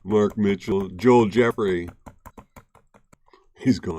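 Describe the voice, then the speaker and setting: A man's voice: lowish voice, moderate pace. Laid-back man chatting while panning gold. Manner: laid-back, chatty, laughs often, talks to viewers and his cat. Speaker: gold prospecting livestream host. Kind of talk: casual live-stream chat while panning.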